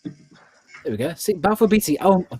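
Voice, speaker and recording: A man hosting a live online charity quiz, reading questions slowly and slipping in joking asides. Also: high voice, animated, darkish tone, breathy edge. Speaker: quiz host. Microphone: earbud headset.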